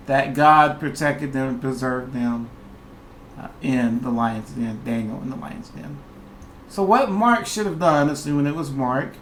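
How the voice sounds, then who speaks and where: Slow, earnest man giving a devotional. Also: fairly high pitch, fairly bright tone, a little hiss or hum. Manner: slow, earnest, folksy preaching. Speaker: youth pastor. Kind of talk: short devotional talk.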